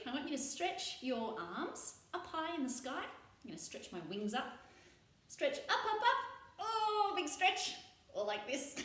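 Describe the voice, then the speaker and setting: A woman's voice: on the high side, fairly bright tone. A woman hosting a children's playtime session, leading stretches and farm animal sounds in a playful, sing-song way. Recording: roomy echo.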